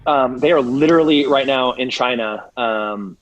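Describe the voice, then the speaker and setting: A man's voice: medium pitch, normal speed, no room sound, dull audio. A middle-aged American man speaking as an interview guest with passion, acting out other people's voices in mocking tones. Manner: animated, acts out quoted voices mockingly. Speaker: podcast guest. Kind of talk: impassioned interview talk.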